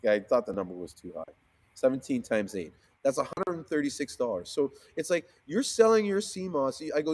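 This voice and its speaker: A man telling a story in casual conversation, swearing freely, restarting his sentences and acting out the voices of the people in it with big jumps in pitch. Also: big pitch swings, normal speed, darkish tone. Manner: fillers and frequent restarts. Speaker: seamoss seller, guest. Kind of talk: animated storytelling in a casual interview.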